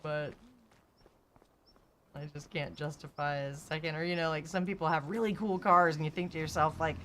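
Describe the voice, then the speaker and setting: A woman's voice: low-pitched, fairly even intonation, normal speed, a bit bright, slight background noise. A woman streamer chatting casually, telling car stories and laughing often. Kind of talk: casual chat.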